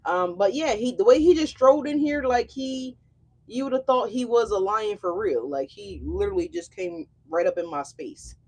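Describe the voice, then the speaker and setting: A tarot reader with a higher-pitched, somewhat dark voice does a casual reading at a moderate pace, her intonation lively. She's chatty and brash, swears freely, and speaks straight to her viewers.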